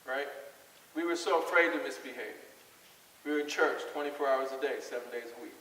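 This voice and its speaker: A man's voice: mid-range voice, fairly quick, sharp tone. A middle-aged man from Southern Delaware giving a storytelling talk to a school audience in a conversational way, often putting questions to the crowd. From Southern Delaware, USA. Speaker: guest speaker at a school. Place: large school hall. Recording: far from mic, long hall reverb, faint hiss.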